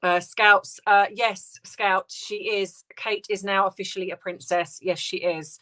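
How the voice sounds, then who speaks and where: A woman hosting a casual livestream, reading out viewer comments and answering in a soft, hesitant, sympathetic way with many restarts. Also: medium pitch, steady tone, measured pace. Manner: sympathetic, tender replies to viewers.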